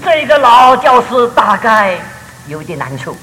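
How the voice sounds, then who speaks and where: A man preaching a sermon in short storytelling phrases, pausing for an interpreter. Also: extremely high pitch, very animated, sharp tone, faint music behind. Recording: roomy hall reverb with faint noise.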